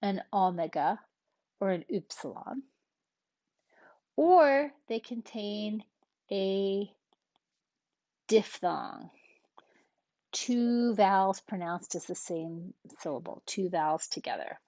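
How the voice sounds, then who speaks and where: A woman's voice: medium pitch, expressive, mellow, no room sound. Woman teacher, patient, methodical, dry close recording. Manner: patient, explains slowly step by step; frequent checking "right?" and "okay". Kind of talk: recorded classroom lesson.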